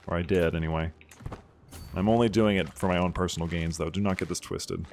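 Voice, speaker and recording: A man hosting a strategy game playthrough, chatting casually and bursting into loud mock outrage and cheering. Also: low-pitched, steady tone, a little fast, vocal fry, soft background music. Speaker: gaming video host. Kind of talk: casual let's-play commentary.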